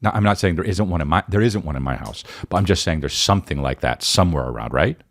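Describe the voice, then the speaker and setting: Low-voiced rambling man in his forties. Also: lively intonation, fast, dry recording. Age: 40s. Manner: rambling with many restarts and "right?". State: sore, worn voice. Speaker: podcast host. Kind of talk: casual solo podcast monologue.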